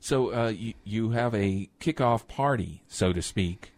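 A man's voice: fairly low pitch, measured pace, a little mellow, dry recording. A man hosting a morning radio show, asking short, easygoing questions of a guest. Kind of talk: radio interview.

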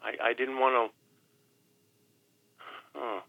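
A man in his sixties, a radio guest, speaking haltingly and emotionally, repeating words and with his voice sometimes breaking. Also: medium pitch, animated, no room sound. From New Hampshire. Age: 60s. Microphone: telephone. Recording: tinny phone line.

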